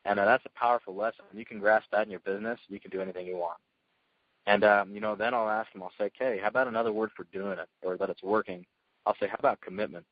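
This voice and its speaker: A man telling his success story as a guest speaker, energetic and earnest, in casual storytelling. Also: fairly low pitch, fast, dry recording, dull audio. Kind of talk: motivational call talk.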